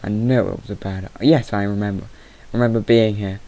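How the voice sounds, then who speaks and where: A man's voice: fairly low pitch, lively intonation, normal speed, gravelly, dark tone, rough recording. A young man giving rambling let's play commentary, easily startled and chatting to the animals in the game. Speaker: gamer. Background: mouse clicking.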